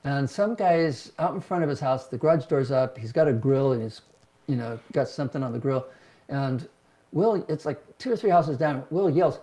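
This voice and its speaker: A man's voice: medium pitch, expressive, moderate pace, warm tone. An older man, a pastor and host, telling personal stories in a reflective, self-deprecating way. He livens up his voice when quoting others. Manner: reflective, self-deprecating, acts out quotes in livelier tones. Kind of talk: casual conversational storytelling.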